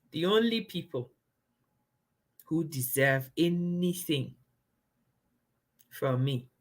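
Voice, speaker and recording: A woman's voice: extremely low pitch, sharp tone. A woman from Ghana, hosting a live stream and speaking bluntly and emphatically to viewers. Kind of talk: candid live stream talk.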